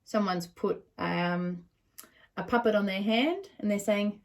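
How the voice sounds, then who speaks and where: Aussie lady reading picture books to kids, lively, keeps asking questions. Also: medium pitch, measured pace. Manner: animated, asks the listening children questions. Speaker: children's storyteller.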